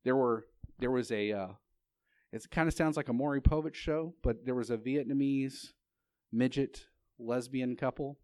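A man preaches a sermon in a mid-range, darkish voice at a moderate pace, with no room sound. He tells a personal story conversationally, often restarts his sentences, and poses rhetorical questions to the congregation.

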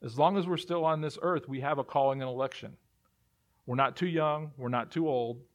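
A man's voice: medium pitch, moderate pace. A male pastor preaching a sermon, emphatic and repeating phrases as he builds his points.

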